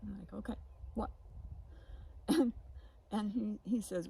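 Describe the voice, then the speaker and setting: A woman's voice: mid-range voice, lively intonation, measured pace, vocal fry, long pauses, darkish tone, breathy edge, low-quality recording. Rambling woman telling a story, laughing. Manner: rambling, laughing, many restarts. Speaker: podcast co-host. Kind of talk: casual storytelling chat. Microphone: phone recording.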